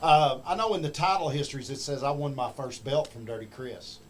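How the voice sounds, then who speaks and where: A man's voice: medium pitch, animated, fairly quick, a little hiss or hum. A man from the United States speaking in casual chat, emphatic and a bit boastful.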